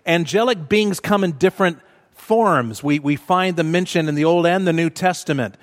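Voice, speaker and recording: A man preaching a sermon in a church, measured and emphatic, repeating words for stress. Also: a little high. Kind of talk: sermon teaching. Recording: long reverb of a large hall.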